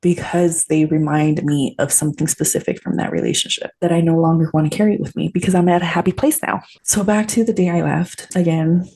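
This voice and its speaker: Deep, dark, and husky, this woman's voice stays steady as she talks fairly quickly with few pauses. Hosting her podcast, she tells a personal story in an earnest, open, conversational way, using lots of fillers and tag questions.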